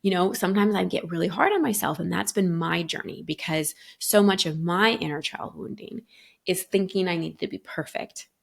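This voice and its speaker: A woman's voice: lowish voice, normal speed, gravelly. A middle-aged woman guest talking earnestly in a reflective podcast conversation, thinking aloud with many fillers. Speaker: guest coach.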